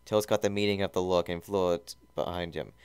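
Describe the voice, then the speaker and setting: A man's voice: low-pitched, fairly even intonation, brisk, a little mellow, clean tone, dry recording. A man giving a mock-serious comedic reading of a fan fiction, often stumbling and correcting himself.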